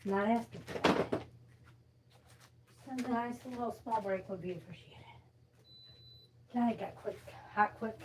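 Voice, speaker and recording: A woman's voice: mid-range voice, noisy background. A woman rambling casually at home while doing chores, chatty and venting, swearing freely. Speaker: vlogger. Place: at home, sweeping.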